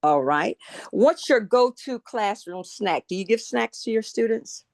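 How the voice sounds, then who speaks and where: A woman hosting a podcast who asks quick questions in an upbeat, encouraging way. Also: fairly high pitch, expressive, a little mellow, no echo, studio quality. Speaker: podcast host. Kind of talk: casual podcast interview.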